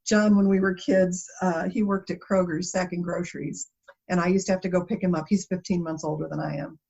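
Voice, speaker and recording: Female guest, animated storyteller, lower-pitched, lo-fi interview recording. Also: brisk, creaky, breathy edge. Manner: animated storytelling, laughs often. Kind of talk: conversational interview. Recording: dull lo-fi interview audio.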